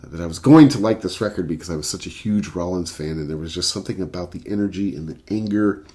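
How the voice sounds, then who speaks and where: A man's voice: low voice, quick pace, a little mellow. A man telling a rambling anecdote and reviewing a record as a casual vlogger, with many fillers. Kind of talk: casual storytelling and album review.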